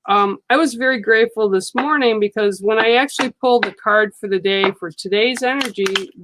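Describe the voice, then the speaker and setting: A woman giving a live card reading to viewers, speaking in a slow, soothing and reassuring way, often checking in with "okay?". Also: a little high, fairly bright tone, slight background noise, low-quality recording. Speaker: psychic card reader on a livestream. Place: studio.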